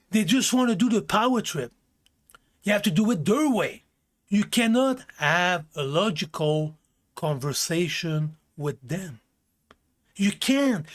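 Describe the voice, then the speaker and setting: A man giving blunt life advice in a casual rant, swearing often, repeating himself for emphasis, with small grammar slips. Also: high voice. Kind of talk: casual self-help rant.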